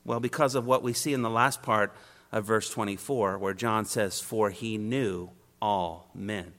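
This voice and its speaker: Male preacher, expository sermon, emphatic triads, bright and forceful, long hall reverb. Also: lowish voice, fairly even intonation, measured pace. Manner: emphatic, builds points in repeated rhetorical triads.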